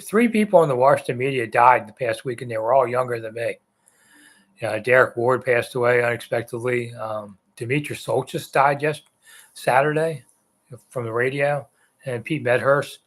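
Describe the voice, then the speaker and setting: A man's voice: medium pitch, fairly bright tone. A man in his sixties hosting a live sports chat, answering viewer comments in a loose, rambling way. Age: 60s. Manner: rambling, conversational, with frequent ums and uhs. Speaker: sports talk host.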